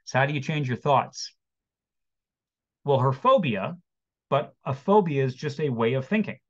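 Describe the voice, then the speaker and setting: A man in his forties speaks as a therapist in an online webinar, lively and animated as he acts out quotes and jokes for his audience. His voice sits at a middle pitch. The audio is a bit dull and lo-fi. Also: normal speed. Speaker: therapist giving a webinar talk. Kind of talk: motivational talk to an online audience.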